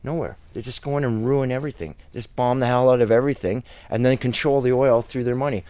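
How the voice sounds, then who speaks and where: A man's voice: medium pitch, fairly even intonation, quick pace, mellow, smooth, no room sound. A man preaching on a Bible chapter, reading scripture aloud and breaking off into impassioned, rambling commentary.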